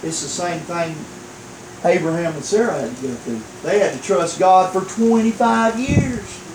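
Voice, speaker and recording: A high-voiced man preaching in a church, his slow delivery ringing around an echoey room. He tells his story by acting out each voice and chuckles along the way. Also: lively intonation, a little mellow, slight background noise. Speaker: pastor. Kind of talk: sermon.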